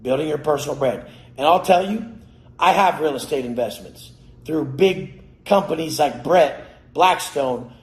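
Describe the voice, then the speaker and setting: A man giving a profane, aggressive motivational rant, cursing and yelling at his listeners. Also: a little high. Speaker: motivational speaker. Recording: roomy echo.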